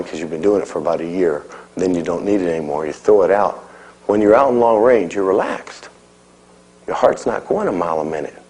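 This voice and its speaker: A man's voice: sits low, dark tone, poor audio. A middle-aged man teaching a martial arts class, calling out drills to his students and often checking in with "okay?". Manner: coaching, calls out drills, frequent "okay?". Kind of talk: live instruction to a class.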